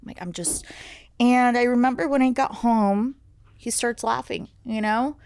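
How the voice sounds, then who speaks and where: Young adult woman, podcast guest, slightly gravelly, halting candid storytelling. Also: on the high side, a little mellow, a little hiss or hum. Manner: halting, many fillers and restarts. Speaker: guest sharing her story. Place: podcast studio.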